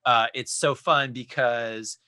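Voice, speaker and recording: A man who acts and teaches improv, a guest on a casual podcast, telling stories in a lively and expressive way. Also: medium pitch, takes it slowly, no echo, clean studio sound.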